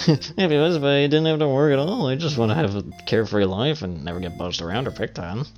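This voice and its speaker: A man's voice: medium pitch, fairly quick, darkish tone, lightly acted. A man playing a bored sarcastic demon guard. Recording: slightly dull audio with faint music.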